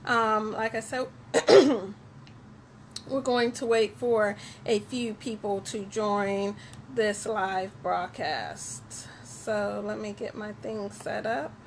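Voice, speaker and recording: A woman's voice: medium pitch, steady tone, slow, slight background noise. A woman hosting a weekly motivational live broadcast, cheerful and chatty, who often repeats words for emphasis. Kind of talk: upbeat live-stream motivational talk.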